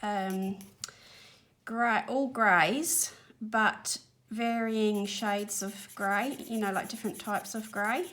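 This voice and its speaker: Her voice is medium-pitched, steady, and a bit bright, and she speaks slowly. She is an Australian colouring channel host chatting while she works in her home spare-room studio, slightly out of breath, apologetic, and rambling.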